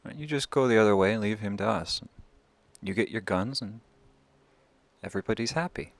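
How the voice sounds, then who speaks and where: A man's voice: on the low side, fairly quick, creaky, dry recording. A man voicing a shrewd, confident war chief who scolds and bargains bluntly. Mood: sly.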